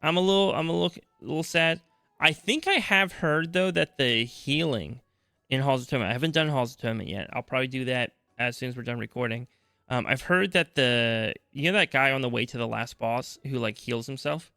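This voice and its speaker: A man's voice: mid-range voice, brisk, vocal fry, sharp tone, no echo, clean studio sound. A man co-hosting a casual gaming podcast, rambling and restarting, sleepy this early morning. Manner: rambling, restarts often, slips into quoted reactions. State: sleepy, yawning. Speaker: podcast co-host.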